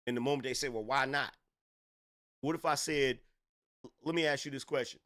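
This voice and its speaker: A man's voice: medium pitch, steady tone, fast, fairly bright tone. A middle-aged man giving an opinion commentary monologue, emphatic and repetitive, lecturing with rhetorical questions.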